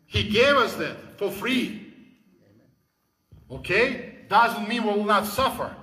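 A man's voice: high-pitched, bright, forceful tone. Fervent man in an echoey hall. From former Soviet Union. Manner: fervent, preaching, broken English. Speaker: guest speaker. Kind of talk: impassioned speech.

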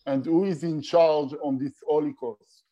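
A man interviewing a guest, hurried and apologetic, with broken grammar. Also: on the high side, fairly even intonation, mellow, highs cut off. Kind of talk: interview questions.

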